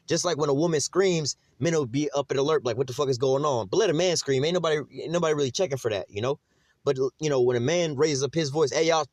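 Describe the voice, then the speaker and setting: A man's voice: mid-range voice, darkish tone, dry recording. A man teaching a casual Bible lesson in a conversational, emphatic way, full of fillers.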